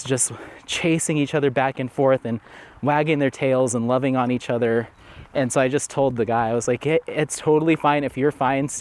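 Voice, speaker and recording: A man's voice: medium pitch, darkish tone. Man, vlogger, rambling casual chat on a walk outdoors, filler-heavy, handheld camera. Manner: chatty, rambling with many fillers. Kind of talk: casual walking vlog. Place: outdoors at a dog park.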